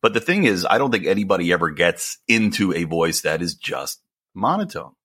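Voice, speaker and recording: Male co-host, very deep voice with a bright, husky edge, wisecracking. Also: sing-song, normal speed. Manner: joking, sarcastic asides. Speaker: podcast co-host. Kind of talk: casual podcast chat.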